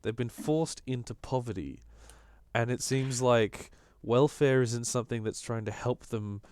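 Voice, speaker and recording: An Australian man co-hosting a political podcast, talking in an animated, casual way and often restarting his sentences. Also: medium pitch, unhurried, smooth, no room sound, clean studio sound. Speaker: podcast co-host.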